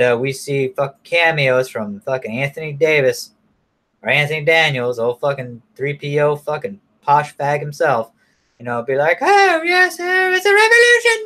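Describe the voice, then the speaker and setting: A man's voice: medium pitch, fairly bright tone. Profane, rambling man recapping a movie. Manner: profane, rambling, heavy with fillers and restarts. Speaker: movie reviewer.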